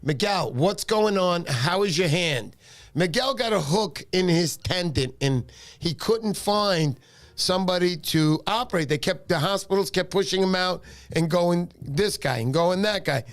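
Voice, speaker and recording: A man's voice: sits high, a little slow. A man hosting a casual fishing livestream, tired, greeting viewers by name in a friendly way.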